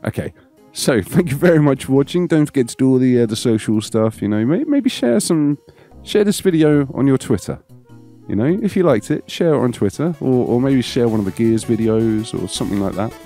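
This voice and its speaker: A man's voice: medium pitch, animated, fairly quick, dark tone, soft background music. A man hosting a let's play, chatting playfully and thinking aloud as he goes. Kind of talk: casual gameplay commentary.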